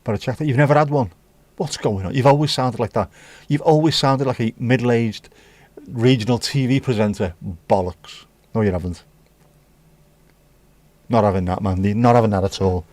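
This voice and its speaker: A man's voice: mid-range voice, normal speed, darkish tone, no room sound. A man with a Scouse accent hosting a casual livestream, chatting with viewers and bantering as he reads the chat. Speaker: livestream host.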